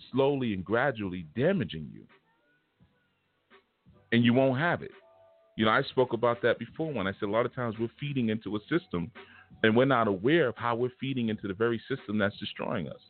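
A man giving a casual spiritual lesson, telling a personal story in blunt, streetwise slang. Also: mid-range voice. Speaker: spiritual teacher. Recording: tinny phone-like sound with faint music.

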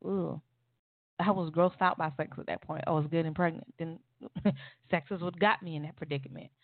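A woman's voice: low voice, fairly even intonation, moderate pace, no echo. A woman guest on a talk show, bluntly and profanely recounting a personal story with wry laughs. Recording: tinny phone-line audio.

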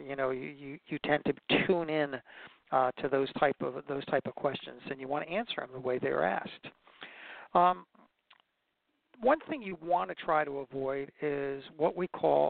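A man's voice: mid-range voice, vocal fry, no echo. A man hosting a show, giving casual folksy advice as an expert witness and telling stories with many restarts. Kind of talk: casual instructional talk. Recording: dry, tinny phone-like sound.

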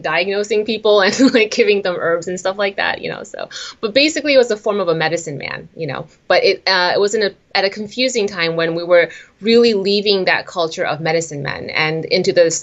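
Chatty low-voiced woman, lo-fi sound. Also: a bit bright. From southern Taiwan. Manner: chatty, laughs often, many fillers. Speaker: author and guest. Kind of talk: casual interview talk.

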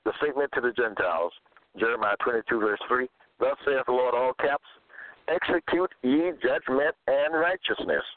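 A man's voice: mid-range voice, animated, moderate pace, no room sound. Man, self-styled scripture teacher, repeats key phrases, thin phone-line sound, dry close audio. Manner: reads verses aloud, then repeats key phrases with emphasis. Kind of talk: monologue reading and interpreting scripture.

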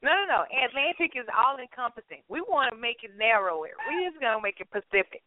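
Woman host, higher pitched, swooping and lively; teasing, bossy; dry, phone-thin sound. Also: fast talker, no echo, narrow, tinny audio. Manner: teasing, bossy, prodding others to speak. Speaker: talk-show host. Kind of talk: casual call-in talk show.

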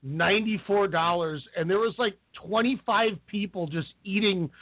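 A man with a high, light voice chats loosely on a call-in podcast, laughing and wandering through his stories. The sound is thin and tinny like a phone line, dry and close with no room around it. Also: moderate pace, dry recording. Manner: laughing, rambling storyteller. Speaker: podcast co-host. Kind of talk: casual chat.

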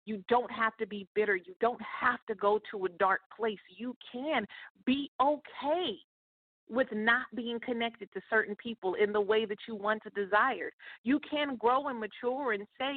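A woman with a fairly high voice talks through her podcast like a success coach, chatty and a little preachy, calling out to her listeners. The sound is thin and tinny like a phone line. The room is dry. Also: unhurried, no room sound. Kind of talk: casual motivational talk.

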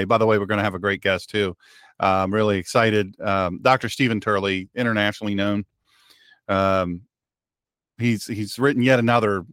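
Folksy joking radio host, dry sound. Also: male voice, mid-range voice, fairly quick, a bit bright, no echo. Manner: folksy, mock-Southern drawl, joking. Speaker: radio show host and pastor. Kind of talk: sarcastic casual radio monologue.

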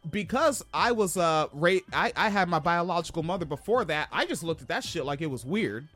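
A man from Washington State hosting a podcast, telling stories in a profane, animated way. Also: a little fast, soft background music. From Washington State, USA. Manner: profane, animated, swings pitch for emphasis. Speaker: podcast host. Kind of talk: casual storytelling chat.

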